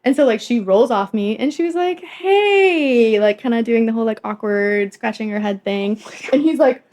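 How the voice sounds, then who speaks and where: A woman's voice: mid-range voice, brisk, dark tone. A young woman in her twenties, a podcast co-host, telling a first-date story in casual chat. She laughs often and acts out the quotes.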